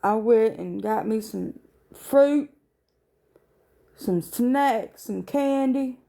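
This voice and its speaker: Sleepy woman host for a late-night phone live stream: slow, unhurried delivery, slightly high voice, casual and profane with viewers. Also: vocal fry, dark tone. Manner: laid-back, profane, reads out comments and greets viewers. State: sleepy, yawning.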